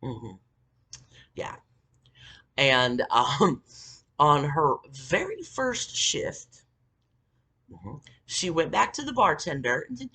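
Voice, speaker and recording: A woman's voice: low voice, sing-song, slow, sharp tone, husky. A woman telling a story in a casual, rambling rant, swearing often and filling her talk with ums and likes. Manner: profane, rambling, full of fillers. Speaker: vlogger.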